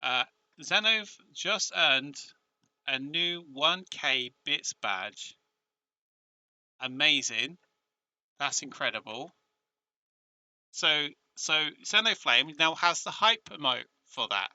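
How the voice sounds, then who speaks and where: A man with a British accent chatting casually on a live stream, excitable and emotional, often restarting his sentences. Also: fairly high pitch, slow, no echo.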